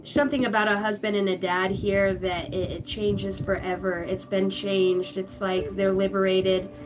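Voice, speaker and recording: A woman's voice: mid-range voice, little pitch movement, normal speed, background noise. Blunt chatty woman reading tarot live. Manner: chatty, blunt, swears freely. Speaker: tarot reader. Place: home. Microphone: livestream device.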